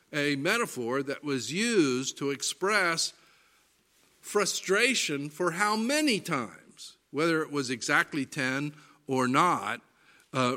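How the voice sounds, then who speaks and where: A man teaching through Bible passages, reading verses aloud and explaining them with lively, varied inflection. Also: on the high side. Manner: animated, varies inflection and reads scripture aloud.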